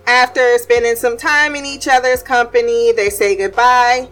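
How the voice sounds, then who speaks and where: A woman's voice: fairly high pitch, fairly even intonation, normal speed, fairly bright tone, faint music behind. Blunt, laughing woman recapping a show. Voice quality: blunt, profane, laughs often. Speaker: TV recap podcast host.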